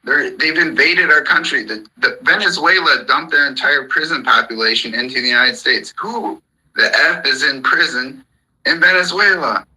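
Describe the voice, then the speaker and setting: Host of a live voice room, heated and profane, with a husky, sharp-edged tone. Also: male voice, medium pitch, moderate pace, rough recording. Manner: heated, profane, repetitive ranting. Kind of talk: angry political rant. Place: call-in audio chat room.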